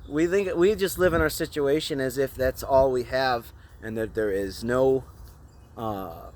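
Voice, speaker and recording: A man sharing a personal faith testimony in an earnest, casual, halting way. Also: mid-range voice. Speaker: testimony speaker.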